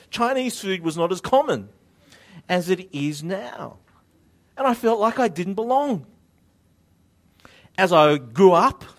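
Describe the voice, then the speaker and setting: A man from Australia, preaching a sermon in a conversational, self-deprecating way. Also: on the high side. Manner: conversational, self-deprecating humor, slow deliberate delivery.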